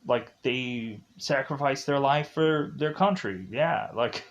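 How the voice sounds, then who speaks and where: Dude doing a callous president, dismissive and halting, slow. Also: male voice, medium pitch, highs cut off, lightly acted.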